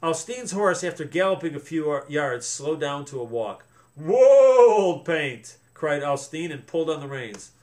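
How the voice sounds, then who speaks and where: A man's voice: fairly high pitch, normal speed, few pauses. A man reading a children's book aloud, stopping to explain things to young listeners.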